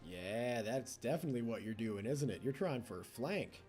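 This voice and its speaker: A man's voice: medium pitch, lively intonation, normal speed, a little mellow, soft background music. A man giving casual gameplay commentary as a let's play host, chatty and teasing the computer opponents.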